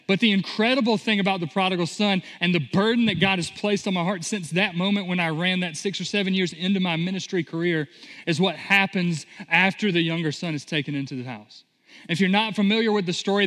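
A man preaching in a church sanctuary, his fairly high voice carrying a long reverb through the room. He tells the story with energy and drops into acted-out voices for the characters. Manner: animated storytelling, acting out voices in quotes. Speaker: pastor. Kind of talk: sermon.

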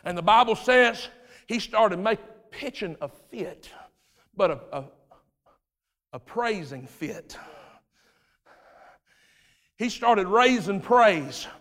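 A male preacher delivering a dramatic sermon, swinging between hushed storytelling and loud shouts, recorded in a church sanctuary. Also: high voice, expressive, slow pace, long pauses. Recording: reverberant church hall.

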